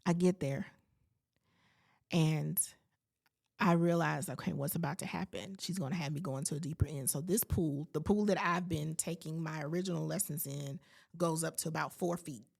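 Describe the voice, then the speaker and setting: A woman's voice: low voice, normal speed, creaky, a little mellow, husky. A woman in her late forties hosting a podcast, telling a personal story with faith-filled asides and acting out her own reactions. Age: late 40s. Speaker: podcast host.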